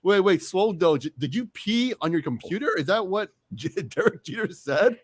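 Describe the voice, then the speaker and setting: Man, slightly high voice, chatty host, giggly. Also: expressive, moderate pace. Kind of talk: casual interview.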